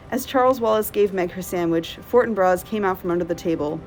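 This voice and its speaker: A woman librarian reading a novel aloud in steady, clear narration. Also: on the low side, fairly quick, slight background noise, low-quality recording.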